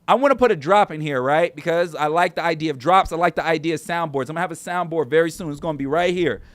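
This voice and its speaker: Male streamer host, high-pitched, loose and chatty, dry studio sound. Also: quick pace, no room sound. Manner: rambling, talks straight to chat viewers. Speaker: show host. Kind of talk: casual livestream chat. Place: small studio.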